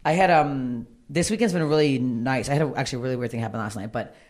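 Fast-talking blunt woman with a low voice. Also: darkish tone. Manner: blunt, swearing freely. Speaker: comedian and podcast guest. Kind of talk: candid casual conversation.

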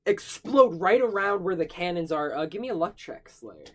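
A young man narrates a tabletop game as its game master, in a fairly high voice. He improvises in a casual way and swears freely. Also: expressive, moderate pace, a bit bright.

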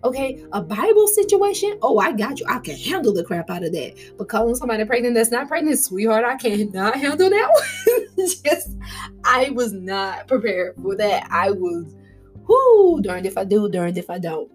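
A young adult woman hosting a podcast, telling a rambling personal story in a casual, animated way with frequent laughter and restarts. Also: mid-range voice, a little fast, soft background music. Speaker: podcast host.

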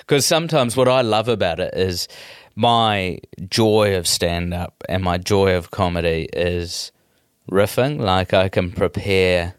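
Lively New Zealand comedian, lower voice. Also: male voice, measured pace, hardly any pauses, smooth, no room sound, clean studio sound. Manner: rambling, animated storytelling with many restarts. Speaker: comedian, guest. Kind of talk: casual interview chat.

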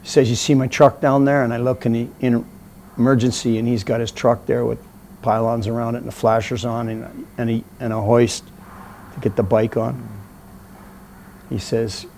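A middle-aged man with a rough, gravelly edge tells his story bluntly and with plenty of swearing. He talks in a casual interview setting, and a faint noise floor sits under the recording. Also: medium pitch, normal speed, long pauses. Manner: blunt, profane, animated anecdote teller. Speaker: interview guest.

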